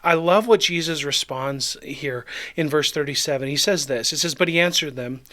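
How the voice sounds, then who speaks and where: A man's voice: fairly high pitch, moderate pace, bright, forceful tone. A male pastor giving a conversational daily devotional, reading scripture aloud and explaining it. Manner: conversational, reads scripture then acts out the disciples. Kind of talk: devotional Bible teaching.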